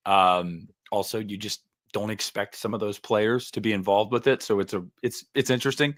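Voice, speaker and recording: A man's voice: on the low side, moderate pace, no echo, studio quality. A man co-hosting a horror podcast, chatting casually with many fillers. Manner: relaxed, talks with many fillers. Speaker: podcast co-host.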